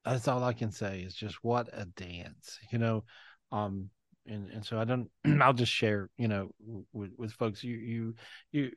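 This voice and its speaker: A man's voice: fairly low pitch, dry recording. A man hosting a live video call, talking emotionally with repeated words and casual swearing. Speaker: host.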